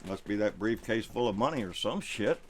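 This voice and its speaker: A middle-aged man with a Texan accent hosting a live stream political rant, folksy, with quiet asides and loud outbursts. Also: fairly low pitch, animated, fairly quick, slight background noise.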